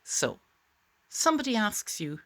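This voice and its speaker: A woman's voice: medium pitch, very animated, measured pace, fairly bright tone. A woman teaching a voice exercise straight to camera in an encouraging, chatty way. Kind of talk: direct-to-camera tutorial.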